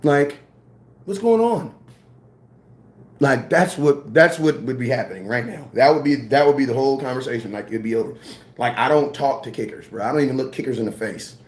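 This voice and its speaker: A man ranting casually about football, slangy and animated, repeating his points. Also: mid-range voice, fast, reverberant. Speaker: sports commentator. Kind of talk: casual sports rant.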